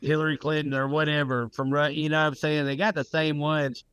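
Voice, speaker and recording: A man's voice: a little high, level tone, a little fast, fairly bright tone, clean tone, dry recording. A man co-hosting a podcast, rambling in slangy casual talk and asking "you know what I'm saying" again and again. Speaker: podcast co-host. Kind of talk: casual chat.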